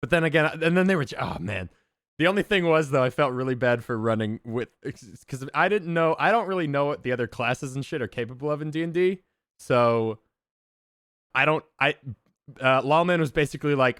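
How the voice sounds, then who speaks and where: A man streamer excitedly telling a tabletop game story to his chat, swearing and laughing often. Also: mid-range voice, brisk, no echo, studio quality.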